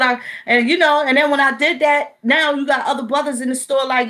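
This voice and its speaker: A woman talks straight to her audience in a casual monologue. Her voice sits a little high, and she tells her stories bluntly, with plenty of profanity. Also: fairly even intonation, fairly quick, few pauses, sharp tone. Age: 40s. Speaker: vlogger.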